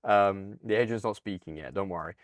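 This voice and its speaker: A man with a British accent hosting a casual, upbeat software walkthrough, chatty with a few fillers. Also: low-pitched, a little fast, dry recording, studio quality. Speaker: product demo host.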